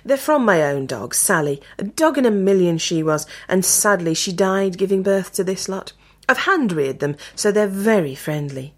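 A woman putting on a smooth-talking fake dog breeder. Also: mid-range voice, expressive, normal speed, lightly acted. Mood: coaxing. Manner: coaxing sales patter.

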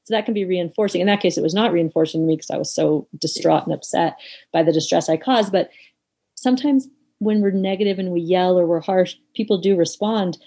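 A middle-aged woman speaks as an interview guest, reflective and thoughtful, scattering fillers as she works through her ideas. Her voice sits a little low and has a warm, mellow tone. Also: brisk, low-quality recording. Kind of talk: conversational interview.

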